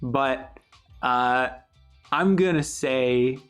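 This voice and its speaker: Chatty young man with soft music behind. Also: mid-range voice, very slow, smooth. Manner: chatty, upbeat, laughs easily. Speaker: YouTube creator. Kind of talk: casual Q&A monologue.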